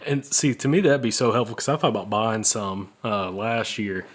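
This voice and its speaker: A man's voice: lowish voice, normal speed. A man hosting a casual conversation who thinks aloud in long, run-on sentences.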